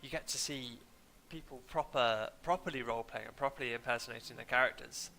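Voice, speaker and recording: Streaming a game, a young man from England keeps up a rambling, droning, self-deprecating chatter, interrupted by hay-fever sniffles. His voice is medium-pitched, a little fast, creaky and sharp. There's a little hiss or hum on the desk mic, which he mutes at times.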